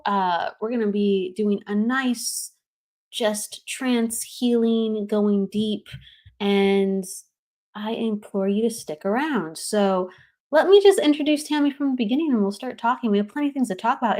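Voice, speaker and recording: A woman's voice: medium pitch, normal speed, darkish tone. A woman hosting a spiritual live stream, greeting viewers by name in a bubbly way and laughing often. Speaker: host.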